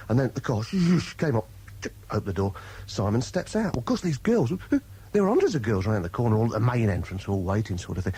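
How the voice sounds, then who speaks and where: Male radio presenter, husky, lively storyteller who slips into character voices. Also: lowish voice, fast talker, low-quality recording. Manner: animated, laughing, acts out voices in his stories. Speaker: radio presenter telling an anecdote. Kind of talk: casual storytelling chat. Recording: 1980s radio broadcast.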